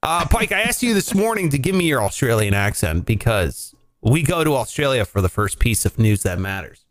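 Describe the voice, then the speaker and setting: A man's voice: medium pitch, moderate pace. A man hosting a casual comedy talk show, telling stories with lots of energy and swearing freely. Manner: animated storyteller, swears freely. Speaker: morning show host.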